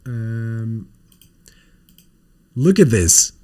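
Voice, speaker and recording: A man's voice: medium pitch, lively intonation, extremely slow, pauses often, dark tone. Male co-host, casual livestream chat, loose and profane, mid-range voice. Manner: rambling, profane, showing off toys. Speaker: podcast co-host.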